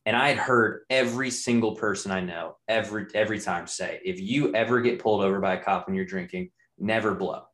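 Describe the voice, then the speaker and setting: Young man, low voice, candid and profane casual storyteller; echoey room. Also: a little fast, hardly any pauses, fairly bright tone. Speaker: guest telling a personal story. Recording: roomy echo.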